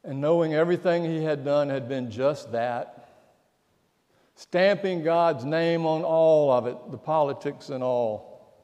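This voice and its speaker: A pastor delivering a sermon, telling stories and dropping to a hush at the key lines. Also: male voice, fairly high pitch, unhurried, muffled recording. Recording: long church reverb.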